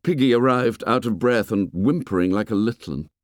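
A man narrating a novel in a measured, expressive storytelling voice. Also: fairly low pitch, no echo, studio quality. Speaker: audiobook narrator. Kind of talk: scripted narration.

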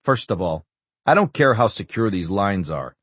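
A man's voice: on the low side, sing-song, moderate pace, a bit bright, breathy edge, no echo, full character voice. A man reading an audiobook, voicing a furious, imperious older male senator who barks scornful demands. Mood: stern.

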